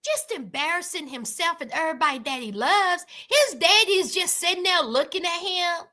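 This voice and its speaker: Very high, bright, sassy woman. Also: normal speed. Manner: sassy, animated, talks straight to viewers. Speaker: reality TV commentator. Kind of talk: casual reaction commentary.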